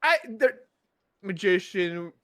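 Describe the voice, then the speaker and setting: A man's voice: sits high, lively intonation, takes it slowly, a bit bright. Exasperated man playing an awkward character. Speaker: player. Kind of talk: in-character tabletop play.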